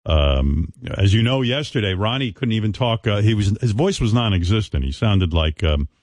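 Male radio host, blunt and mocking, animated delivery, dry close mic. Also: on the low side, normal speed, no room sound. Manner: blunt, teasing, laughing often. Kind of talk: casual radio banter.

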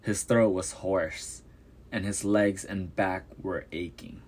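A man reading a Bible story aloud as a podcast narrator, measured and descriptive. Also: sits low, steady tone, a little mellow, breathy edge.

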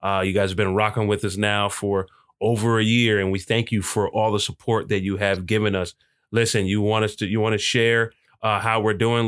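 A man hosting a podcast, wrapping up the show in a relaxed, casual way and often saying "man". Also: fairly low pitch, no room sound, studio quality. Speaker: podcast host.

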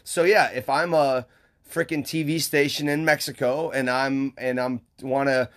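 A man's voice: mid-range voice, fairly even intonation. Chatty man from Upper Michigan. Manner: rambling, chatty, quick asides. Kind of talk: casual chat.

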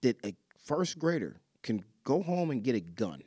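A man's voice: mid-range voice, sing-song, moderate pace, a little mellow, slightly rough, no echo. Chill guy on a podcast, dry close mic, easygoing chat. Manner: laid-back, reads news aloud. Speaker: podcast co-host. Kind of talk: casual chat.

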